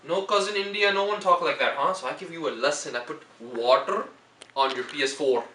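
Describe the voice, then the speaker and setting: A man's voice: on the high side, fairly quick, pushed and bright, pitched below the performer's own voice. A man voicing a strict, angry middle-aged dad who scolds in broken English. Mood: scolding. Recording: echoey and distant with faint noise.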